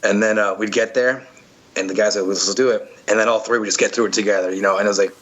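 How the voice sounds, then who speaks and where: A man's voice: on the low side, fairly even intonation, quick pace, a bit bright, dull audio. A man telling stories from an obstacle race in a casual, rambling way, full of fillers and restarts. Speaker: podcast guest, obstacle racer. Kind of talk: casual storytelling chat.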